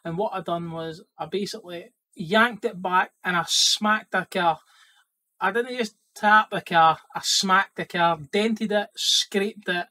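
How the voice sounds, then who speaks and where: A man's voice: high-pitched, measured pace, low-quality recording. Sweary Scottish man telling stories. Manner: sweary, lively storytelling. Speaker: plumber and vlogger. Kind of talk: casual storytelling to camera.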